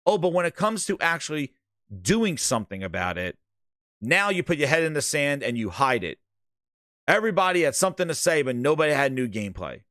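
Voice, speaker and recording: A man's voice: a little high, pushed and bright, no room sound, clean studio sound. Ranting gaming commentator, man. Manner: ranting, sarcastic, exasperated. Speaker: gaming channel host. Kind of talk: casual commentary over a video clip.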